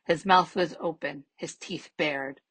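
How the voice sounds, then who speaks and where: A woman reading a children's novel aloud as a library storyteller, steady and measured, with soft trailing endings. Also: sits low, slightly rough, dry recording, poor audio.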